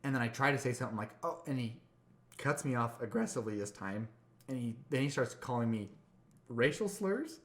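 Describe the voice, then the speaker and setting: Brief: male podcast co-host, rapid storyteller, rambling and repetitive, acts out the quotes. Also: medium pitch, animated, echoey room. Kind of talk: casual storytelling chat.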